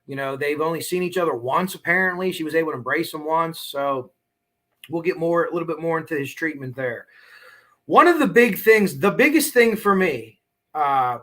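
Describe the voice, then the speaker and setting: A man hosting a casual true crime livestream, rambling through asides and tangents, frank and profane, clearing his throat now and then. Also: a little high, animated, normal speed, fairly bright tone. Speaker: true crime channel host.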